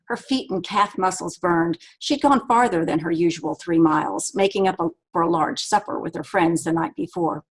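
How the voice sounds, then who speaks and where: Author, woman, reads her own novel aloud; husky, lowish voice, steady delivery. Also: low-quality recording. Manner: steady, measured reading aloud.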